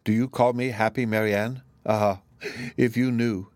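A man voicing a composed young woman in an audiobook, earnest and gently urging her sister, close to his own voice. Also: fairly low pitch, steady tone, moderate pace, no echo, close to an everyday voice. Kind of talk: audiobook character voice.

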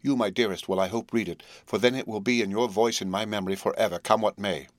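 A man reading the part of a devoted young wife, earnest and resolute, in a measured pleading tone. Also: on the low side, fairly even intonation, no echo, close to an everyday voice. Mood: solemn. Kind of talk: audiobook character reading.

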